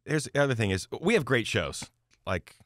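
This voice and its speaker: A man's voice: medium pitch, sing-song, normal speed, fairly bright tone, no room sound, studio quality. A man hosting a casual chat, asking rambling questions. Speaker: podcast host and band member.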